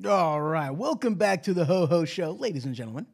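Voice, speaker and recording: A man's voice: on the high side, lively intonation, a little fast, creaky, music in the background. A man hosting a live call-in show, chatting casually in a rambling way and saying "you know" constantly. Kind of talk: casual live-stream chat.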